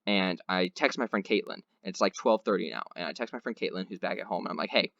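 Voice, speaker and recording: A man's voice: deep voice, fast, a bit bright, no echo, lo-fi sound. A man hosting a podcast, telling a long rambling anecdote in casual chat with lots of fillers. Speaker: podcast host.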